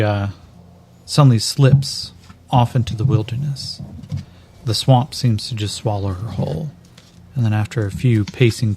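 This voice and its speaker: A man's voice: medium pitch, creaky, mellow, a little hiss or hum. A man narrating a tabletop game as game master, casual and loose, with many fillers and some swearing.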